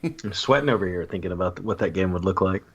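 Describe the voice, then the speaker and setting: A man from the Southern US chimes in on a sports podcast with agreeable, easygoing remarks, mostly backing up his co-hosts. His voice is on the low side for a man. The sound is a bit dull and muffled. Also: animated, quick pace, creaky, slightly rough. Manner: agreeable, laid-back comments. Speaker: podcast co-host. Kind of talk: casual sports chat.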